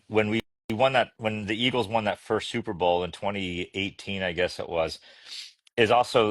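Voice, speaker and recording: A man in his fifties from Arkansas, talking in a relaxed, rambling way as a podcast guest, often restarting his sentences. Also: low-pitched, dry recording. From Arkansas, USA. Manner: rambling, reflective, many restarts. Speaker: guest, children's book author. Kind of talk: casual podcast conversation.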